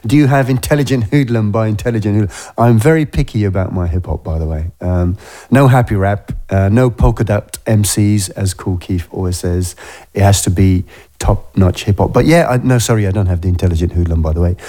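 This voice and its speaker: Laid-back low-voiced male radio DJ. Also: brisk, dark tone. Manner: rambling, self-correcting, laid-back. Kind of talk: casual on-air chat.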